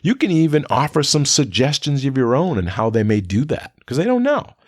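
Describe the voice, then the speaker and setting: A man speaking as an educator, giving a spoken lecture to teachers and raising his pitch when he acts out what he says to students. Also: a little fast, no echo, studio quality. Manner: animated, pitch jumps when quoting students.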